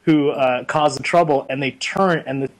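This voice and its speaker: A young man being interviewed, chatting casually and telling stories in a rambling, animated way full of fillers. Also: medium pitch, moderate pace, a little hiss or hum, low-quality recording. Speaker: interview guest. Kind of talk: casual chat.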